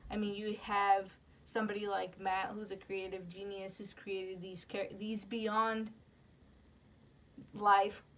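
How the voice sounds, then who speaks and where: A woman's voice: mid-range voice, flat delivery, takes it slowly, a bit bright. A woman co-hosting a casual wrestling review podcast, chatty and steering from topic to topic with lots of "like". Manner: chatty, leads the segments, frequent "like". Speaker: podcast co-host. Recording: distant mic with background noise.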